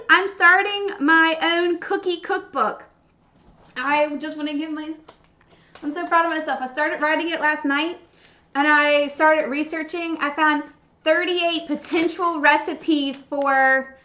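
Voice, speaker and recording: A woman hosting a baking livestream, chatting casually and gushing with excitement. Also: sits high. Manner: bubbly, gushing, squealing with excitement. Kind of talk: casual live-stream chat while baking. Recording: dull lo-fi stream audio.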